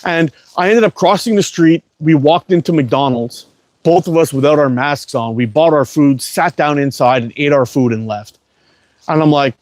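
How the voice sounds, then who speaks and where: A man's voice: a little high, normal speed, darkish tone, no room sound. A man telling a long, rambling, profanity-heavy story in a casual livestream chat. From Canada. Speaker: livestream host.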